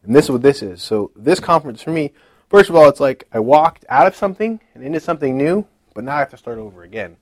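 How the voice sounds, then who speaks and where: A man's voice: medium pitch, lively intonation, fast talker, dry recording. A man giving a casual personal testimony at a conference. He tells his story in a chatty way, acting out what other people said and using many fillers like "like".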